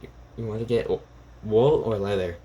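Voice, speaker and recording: A man voicing a blunt, foul-mouthed young man in a retold fan story, speaking a little higher than his own voice. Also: steady tone, moderate pace, mellow, muffled recording, a little hiss or hum, close to an everyday voice. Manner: blunt, swears freely.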